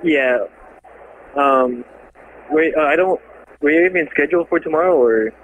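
A man's voice: a little high, normal speed. Man, casual, hesitant, tinny phone sound, faint hiss. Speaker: restaurant employee answering phone.

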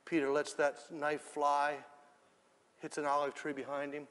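A man preaching a sermon, telling the story dramatically and swinging from hushed lines to shouts. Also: a little high, flat delivery, moderate pace, long reverb tail, slight background noise.

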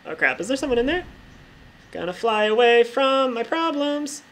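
A woman's voice: on the high side, big pitch swings, normal speed, a little hiss or hum. Chatty woman gaming vlogger, swearing freely. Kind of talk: casual commentary over gameplay.

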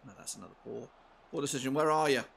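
A man commentating live on his football game, swinging from low mutters to shouted outbursts and swearing often. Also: fast, gravelly, husky. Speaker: gaming channel host.

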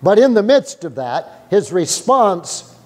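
A man preaching with a lively, swooping delivery that keeps jumping into acted voices of frightened people. His voice sits a little high for a man. A long reverb rings behind him, as in a church sanctuary. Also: slow. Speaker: pastor. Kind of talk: sermon.

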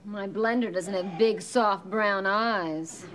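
A woman playing a gentle, soft-hearted sitcom housewife with a fond, soft way of talking. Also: medium pitch, slow, lightly acted. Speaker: sitcom mother. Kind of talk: 1980s sitcom acting. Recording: noisy TV audio with studio laughter.

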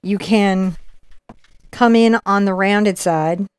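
A woman's voice: mid-range voice, slow, darkish tone, clear, resonant tone, dry recording. A middle-aged woman teaching acrylic painting live, chatting and explaining each brush move as she paints. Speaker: painting instructor.

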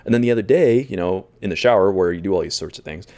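A man's voice: low-pitched, fast talker, a little mellow. A man co-hosting a casual chat, laid-back and encouraging. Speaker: co-host.

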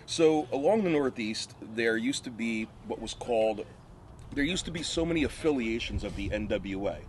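A man's voice: mid-range voice, animated, moderate pace, slight background noise. A man guest casually telling rambling stories and laughing often. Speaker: wrestler guest. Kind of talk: casual storytelling.

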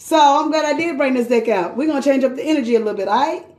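High-voiced swearing tarot reader, echoey room. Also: female voice, racing, darkish tone. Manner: chatty, blunt, swears freely, calls listener queen and sis. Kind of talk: casual live tarot reading.

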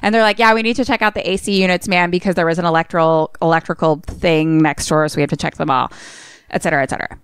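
A low-pitched woman with a smooth, resonant voice, animatedly retelling a film in casual podcast chat. The sound is dry and close, with no room echo. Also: fast talker, few pauses. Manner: animated retelling, acting out characters' lines.

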